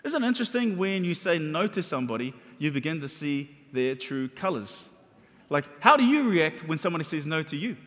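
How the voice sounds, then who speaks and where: With a fairly high, slightly bright voice that swings widely and runs a little fast, a pastor delivers a sermon in an animated, conversational way, often starting his sentences over. Long reverb fills the hall.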